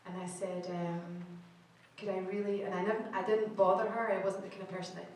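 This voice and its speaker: A woman's voice: mid-range voice, level tone, brisk, darkish tone. Chatty Scottish woman in an echoey hall. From Scotland. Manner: chatty, laughing, restarts her sentences often. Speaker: guest actor on a convention panel. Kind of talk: casual panel answers to fans. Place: large convention hall. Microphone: camera in the audience, far from the stage. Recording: echoey hall recorded from far off.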